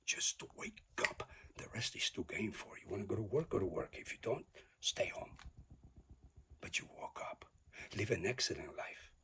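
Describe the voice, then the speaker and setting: A man giving an emphatic, preachy motivational monologue that swings between loud declarations and whispers, repeating his exhortations. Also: on the low side, lively intonation, moderate pace. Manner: repetitive, exhorting. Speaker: motivational speaker.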